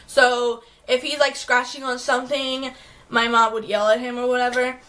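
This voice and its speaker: A woman's voice: fairly high pitch, little pitch movement, moderate pace, fairly bright tone. A young adult woman vlogging, telling a long story casually and filling her talk with "like". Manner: rambling, heavy use of "like" fillers.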